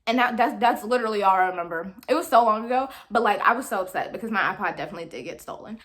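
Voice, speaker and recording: A woman's voice: mid-range voice, racing. A young woman, telling a chatty storytime to her viewers. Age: young adult. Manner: animated, chatty, addresses viewers as y'all. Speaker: vlogger. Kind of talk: storytime vlog.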